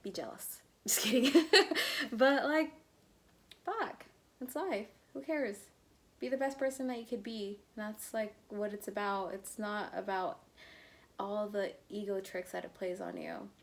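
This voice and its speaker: A woman's voice: mid-range voice, a little slow. A young adult woman, a love coach, talking casually and bluntly to her viewers, swearing freely. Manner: blunt, swears freely, calls listeners bro. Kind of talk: casual vlog-style talk to viewers.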